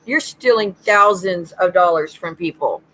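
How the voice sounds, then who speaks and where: A woman's voice: on the low side, measured pace, fairly bright tone, low-quality recording. A woman hosting a livestream as a psychic medium, ranting bluntly and swearing freely.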